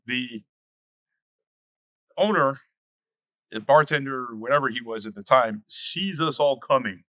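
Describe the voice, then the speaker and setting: A man co-hosting a podcast, telling stories in an animated, casual way and laughing easily. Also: mid-range voice, a little slow, no echo, studio quality. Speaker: podcast co-host. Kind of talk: casual storytelling chat.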